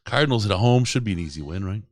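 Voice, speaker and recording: Deep-voiced joking podcast host man. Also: lively intonation, quick pace, no room sound. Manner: rambling, joking, laughs often. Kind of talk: casual sports podcast chat.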